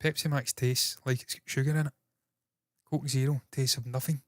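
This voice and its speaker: A Scottish man hosting entertainment news in casual solo commentary, talking fast with a slightly nasal voice, swearing freely and mocking himself. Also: medium pitch, level tone, dry recording, clean studio sound. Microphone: processed with equalizers, compression and noise gate.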